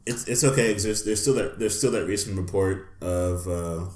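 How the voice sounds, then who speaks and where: A podcast co-host speaks in a lower-pitched voice, with indignant, sarcastic remarks. The room around him sounds echoey. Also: male voice, normal speed, darkish tone, slight background noise. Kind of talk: casual podcast chat.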